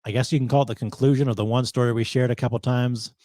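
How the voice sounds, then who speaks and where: Fast-talking man joking on a podcast. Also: medium pitch, steady tone, warm tone, no room sound. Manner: quick joking interjections. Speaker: podcast co-host. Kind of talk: casual chat.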